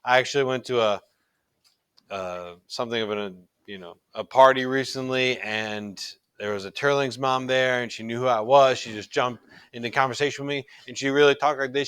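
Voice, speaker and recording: A man's voice: medium pitch, normal speed, a bit bright, smooth, dry recording. A middle-aged man teaching a recorded religion class in an earnest, conversational way, often restarting his sentences.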